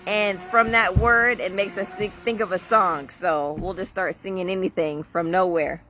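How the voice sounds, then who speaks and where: A woman's voice: medium pitch, fairly even intonation, normal speed, few pauses, bright, forceful tone, slight background noise. A middle-aged woman chatting casually on a garden livestream, rambling and laughing often, recorded outdoors on a phone.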